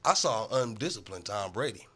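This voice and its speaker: A man's voice: lowish voice, animated, brisk, fairly bright tone, slightly rough. A man hosting a casual sports talk show, arguing emphatically and repeating himself for emphasis.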